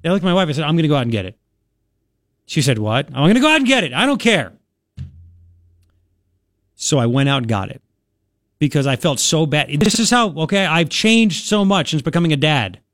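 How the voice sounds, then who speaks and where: A man's voice: a little high, lively intonation, a little fast, a bit bright, dry recording, studio quality. A man hosting a talk radio show, chatting and rambling in a casual monologue with lots of restarts.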